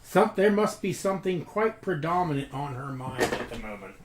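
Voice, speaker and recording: A man's voice: on the high side, very animated, moderate pace. A man narrating as game master in a tabletop role-playing game, dry and wry. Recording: echoey room.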